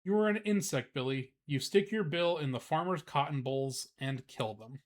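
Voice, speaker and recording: A man's voice: a little high, moderate pace, lightly acted. A man voicing a patient mother boll weevil in a storybook read-aloud, soothing and matter-of-fact.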